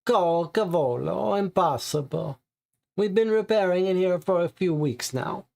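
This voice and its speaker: A man voicing a short, stocky garage owner with a strong Italian accent, evasive and gruff. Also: high voice, unhurried, darkish tone.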